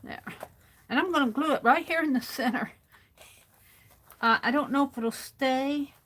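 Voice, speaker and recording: Her voice is high-pitched and a bit bright as she runs a relaxed crafting livestream. She mutters to herself in no hurry while working, occasionally drifting from the microphone.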